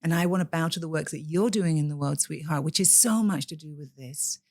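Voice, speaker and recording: A woman's voice: low-pitched, fairly quick, dry recording. A woman from the UK, a priestess guest in a podcast interview, speaking in an impassioned, preacher-like way.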